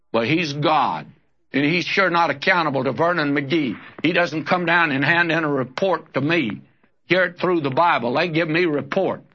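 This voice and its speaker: A man's voice: a little high, pushed and bright. An older man giving a folksy sermon as a radio Bible teacher, calling his listeners friends and reading scripture aloud. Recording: lo-fi old radio broadcast.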